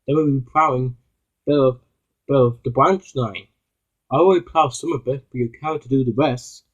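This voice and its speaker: A man's voice: medium pitch, moderate pace, muffled recording, close to an everyday voice. A man voicing a proud, teasing male engine in a homemade toy-train story.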